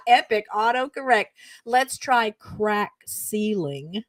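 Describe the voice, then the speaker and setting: A middle-aged woman hosts her own show, chattily reading funny texts aloud and dissolving into giggles. Her mid-range voice is expressive, unhurried, and fairly bright, with no room sound.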